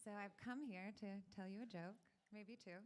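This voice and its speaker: A woman's voice: mid-range voice, normal speed, faint music behind. A woman performing a stand-up set, playful and teasing, drawing the audience in with questions. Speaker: stand-up comedian.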